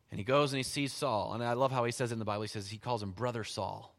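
A man preaching a sermon, reading scripture and retelling it in animated storytelling style with frequent chuckles. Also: mid-range voice, fast, few pauses. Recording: long hall reverb.

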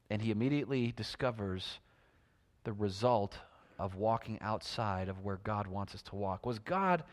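Male preacher, mid pitch, storytelling sermon delivery with big loud-to-hushed swings, reverberant room.

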